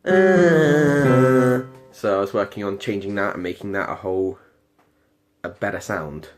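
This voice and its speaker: Soft music plays behind this young British man in his late teens, a performing arts student recording a casual video diary about practicing his singing. His low-pitched, steady voice moves fairly quickly as he rambles, hesitates, says um a lot, and keeps restarting.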